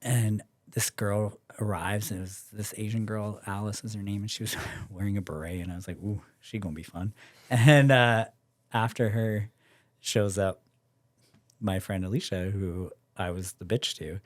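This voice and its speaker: A man's voice: lowish voice, normal speed, dry recording. A young Canadian man, a podcast guest, telling a story in casual chat, acting out quoted voices and swearing freely.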